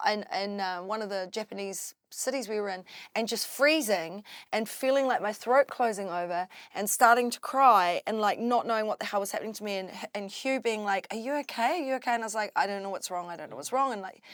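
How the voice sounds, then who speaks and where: A woman from New Zealand with a New Zealand accent, a drum and bass MC telling her story in an interview, halting, with many restarts and fillers. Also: dry recording, clean studio sound. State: tearful at times. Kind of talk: candid interview talk.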